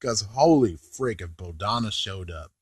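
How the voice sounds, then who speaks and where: A man giving a casual, rambling review of a show, excitable, with mild swearing and filler phrases. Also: lowish voice, moderate pace, husky, no echo, studio quality. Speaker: video reviewer.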